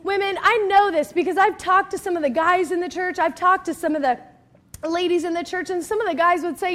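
A woman's voice: very high-pitched, fairly even intonation, brisk, a bit bright. A woman pastor giving a chatty, emphatic sermon, often checking in with the crowd and acting out little scenes. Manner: acts out quoted people in story.

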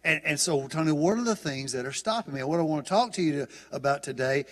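This guest preacher talks fast, animated and fairly high-pitched, with a Southern US accent. His folksy, chatty sermon includes many restarts and echoes with the long reverb of a church auditorium.

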